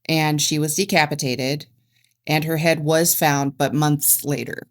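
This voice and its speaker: A woman with a very low voice reads true-crime case notes aloud on a podcast. She keeps it factual but stumbles and restarts on words now and then. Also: steady tone, a little slow. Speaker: podcast co-host.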